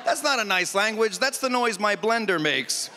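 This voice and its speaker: A man doing a stand-up comedy set on a festival stage, animated and punchy with mock exasperation. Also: high voice, moderate pace, long reverb tail, background noise.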